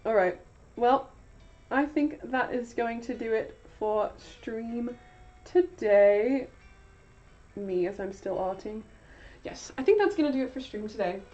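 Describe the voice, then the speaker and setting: A woman's voice: fairly high pitch, a little slow, pauses often, mellow. A young woman chatting casually to her stream while she draws, rambling with lots of fillers and giggles. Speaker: art streamer. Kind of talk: casual chat while drawing. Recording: dull lo-fi stream audio with faint music.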